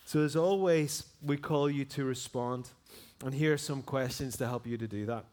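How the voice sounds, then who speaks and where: A man with a Northern Irish accent, a pastor preaching and reading a story aloud in an earnest, expressive way. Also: mid-range voice, moderate pace. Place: church.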